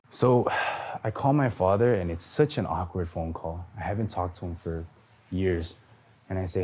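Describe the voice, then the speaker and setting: This is a man with a very low voice telling his own story. He talks earnestly and gives the people in his story their own lines. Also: normal speed, darkish tone. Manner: earnest storytelling, acting out dialogue. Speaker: testimony speaker. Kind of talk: personal testimony.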